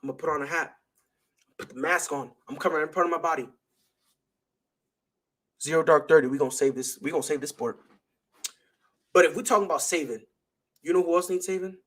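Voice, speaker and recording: A man's voice: a little high, expressive, fairly quick, pauses often, a bit bright, slightly rough. A young man hosting a sports talk show, delivering an emphatic, slangy opinion monologue full of rhetorical questions.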